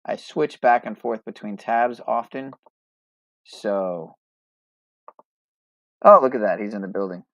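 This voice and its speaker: A man's voice: on the low side, slow, long pauses, a bit bright, dry recording. Rambling man hosting a podcast. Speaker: podcast host. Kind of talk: casual chat.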